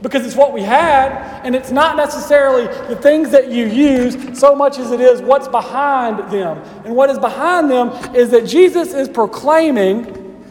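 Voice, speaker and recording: A man's voice: extremely high pitch, normal speed, reverberant, in a large hall. A man preaching a sermon as pastor, casual and conversational with playful asides to the congregation.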